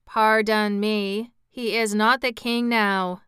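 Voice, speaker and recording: A formal clockwork man of copper speaks in a storybook, stiff, measured and courteous, as a woman reader puts him on. The voice is smooth and resonant, set a little higher and louder than plain talk, unhurried, in a dry, close sound. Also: level tone, no room sound.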